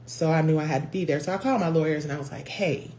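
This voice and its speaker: A woman's voice: deep voice, racing, dark tone. A woman hosting her own livestream, talking candidly and emotionally, swearing casually and calling her viewers y'all. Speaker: host. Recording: faint background noise.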